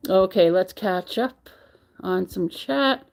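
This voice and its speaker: A woman's voice: mid-range voice, takes it slowly, creaky, darkish tone. A middle-aged woman, chatting casually on her crochet livestream and greeting viewers by name as she reads the chat. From Canada.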